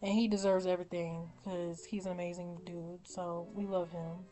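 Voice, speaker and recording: A young woman vlogger giving casual, opinionated commentary, animated and blunt, often laughing and swearing. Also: on the low side, moderate pace. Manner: animated, swears, laughs often, mimics her own reactions. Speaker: vlogger ranking reality show contestants.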